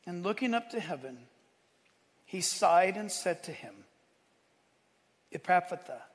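A man preaching a sermon, lively, acting out quotes and asking his listeners questions. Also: high voice, a little slow, big-room sound. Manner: animated preaching, acts out quotes, asks the room. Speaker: pastor.

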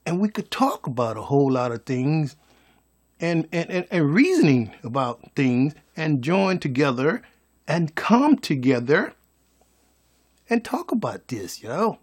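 Slow, preachy man. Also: a little high, big pitch swings, husky. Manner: preachy, repetitive, folksy. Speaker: vlogger. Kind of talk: motivational monologue.

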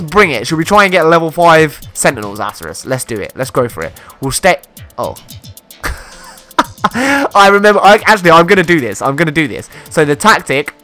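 A young man commentates on his game in a bright, lively, fairly high voice that leaps up and down in pitch. He talks in excitable bursts and exclaims often, with soft game music running underneath. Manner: animated, exclaiming and laughing often. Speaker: gaming YouTuber. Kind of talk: excitable let's-play commentary.

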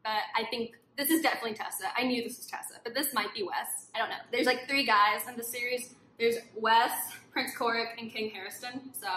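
A woman book vlogger chatting casually to viewers while unboxing, gushing and excited as she talks. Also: fairly high pitch. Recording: echoey room with faint background noise.

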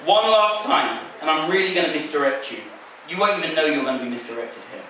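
This fast-talking stage magician has a fairly high, sharp-toned voice, playfully teasing his volunteer while doing a card trick. The live patter comes from a large theater stage, recorded from afar with echo.

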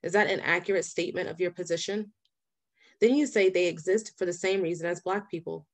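Woman with a lowish voice reading a book, steady and deliberate. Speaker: audiobook reader.

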